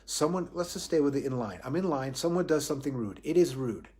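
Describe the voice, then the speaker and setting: A man's voice: medium pitch, expressive, quick pace, dark tone. A man giving a live spiritual talk on responsibility in a reflective way, often restarting phrases and asking himself questions aloud. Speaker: spiritual teacher.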